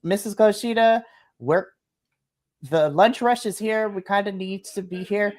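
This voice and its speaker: A woman's voice: mid-range voice, unhurried, darkish tone, pitched above the performer's own voice, lightly acted. A woman doing a flustered sous chef.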